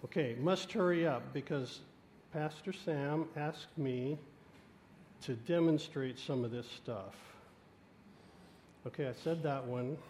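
A man preaching a sermon, telling a story in an animated and self-mocking way. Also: on the high side, slow pace, long pauses, a little hiss or hum. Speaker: guest preacher.

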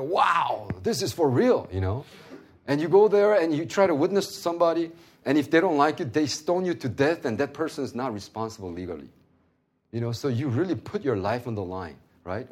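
Low-voiced male pastor, preaching with swings between loud and hushed. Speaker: pastor and seminary teacher. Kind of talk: sermon with personal stories.

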